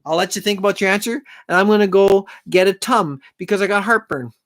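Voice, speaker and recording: A man's voice: high-pitched, fast, a bit bright. An older man hosting a casual live stream, speaking directly to his viewers in a chatty way. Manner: chatty, talks straight to viewers. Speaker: host.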